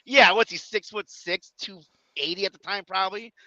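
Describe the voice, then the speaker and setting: Man, 30s, Chicago-area accent, high gravelly voice, animated storyteller, dry dull lo-fi audio. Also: moderate pace, no echo. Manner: animated, acts out other people in loud bursts, swears freely. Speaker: independent wrestler, podcast guest. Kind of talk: casual storytelling chat.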